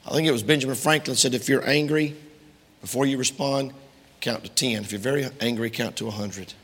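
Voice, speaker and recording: A man's voice: medium pitch, a little fast, a bit bright, slightly rough, long reverb tail. A man preaching a sermon to a congregation, quoting King James scripture emphatically and speaking to his listeners directly.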